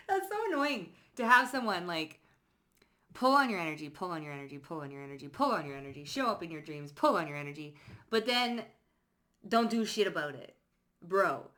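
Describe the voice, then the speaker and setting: Bright-voiced, blunt, slangy woman tarot reader. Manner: slangy, blunt and profane, with quick laughs; jumps into acted-out quotes in a higher voice. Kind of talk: casual pick-a-card reading.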